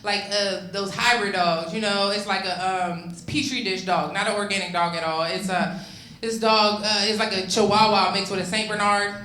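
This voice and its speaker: Bright, profane young woman doing stand-up. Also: medium pitch, fairly even intonation, moderate pace, roomy sound, a little hiss or hum, rough recording. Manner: loose, profane and conversational, lots of ums and restarts. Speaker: stand-up comedian. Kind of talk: stand-up comedy set. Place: comedy club stage with a live audience.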